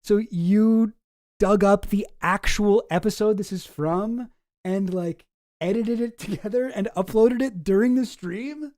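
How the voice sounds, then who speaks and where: Streamer, live-stream chat, excitable, laughing, swearing, mellow voice, dry sound. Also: mid-range voice, measured pace, no room sound. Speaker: streamer reacting to a clip.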